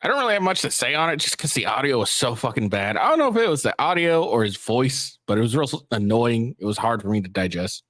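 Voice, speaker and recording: A man's voice: mid-range voice, very animated, quick pace, hardly any pauses, a bit bright, no room sound, studio quality. A man doing casual, profane commentary on news clips, rambling with many fillers and restarts. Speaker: commentary streamer reacting to clips.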